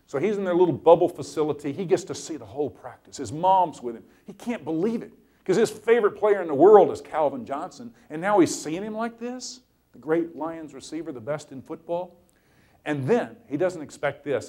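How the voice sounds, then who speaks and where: A middle-aged man giving a motivational talk, telling a story with lively, animated delivery and acted-out quotes. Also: fairly high pitch. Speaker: inspirational speaker.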